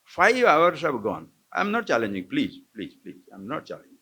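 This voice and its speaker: A man's voice: a little high, wildly swooping pitch, a little fast, bright, forceful tone, slightly rough. A man, a swami giving a live spiritual discourse to a camp audience, questioning his listeners and chuckling often. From India. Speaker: swami teaching scripture. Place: lecture hall at an ashram camp.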